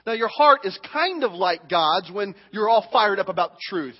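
A male pastor preaching a sermon in a church, animated and acting out the voices of the people he quotes. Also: sits high, moderate pace. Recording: muffled hall with long reverb.

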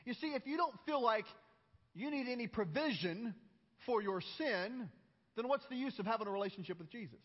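High-voiced pastor preaching in a reverberant hall. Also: male voice, animated, a little fast, slightly rough. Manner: earnest, acts out the dialogue lines, repeats words when starting phrases. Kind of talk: sermon. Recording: dull sound with long hall reverb.

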